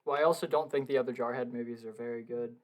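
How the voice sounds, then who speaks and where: A young man chatting casually on a podcast from his home basement, excitable, swearing a lot and laughing often. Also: mid-range voice, fast. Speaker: podcast co-host. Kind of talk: casual film review chat.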